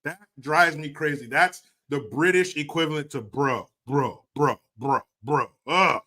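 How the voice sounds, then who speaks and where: A man's voice: fairly high pitch, a little slow, sharp tone. A man in his forties hosting a live stream, casually chatting and reading out viewer comments in a jokey, profane way, laughing often. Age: 40s.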